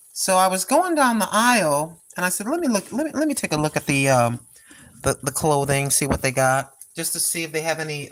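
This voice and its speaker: A grandmotherly older woman chats away at her stove during a cooking live stream. Her voice sits slightly low, and she tells stories in a meandering, folksy way, doubling back on her words. A faint hum of kitchen noise is behind her. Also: a bit bright. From Oregon, US. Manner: rambling storyteller, repeats herself, folksy. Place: home kitchen, cooking at a griddle.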